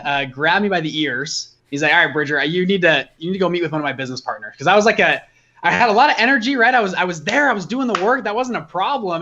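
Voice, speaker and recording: A young man, a guest entrepreneur, telling a personal story in a casual, animated way, acting out the dialogue as he goes. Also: fairly high pitch, dull audio.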